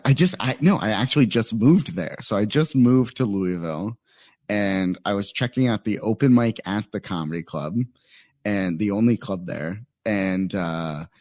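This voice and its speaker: A man's voice: lowish voice, a little mellow, dry recording, studio quality. A young adult man from Phoenix, a stand-up comedian telling a story in casual chat, rambling with many fillers. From Phoenix, Arizona. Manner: rambling, lots of "like" fillers and quoted asides.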